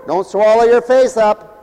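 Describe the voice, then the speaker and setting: A male preacher delivering an animated, joking sermon, swinging between loud calls and hushed asides. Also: sits high. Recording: long hall reverb.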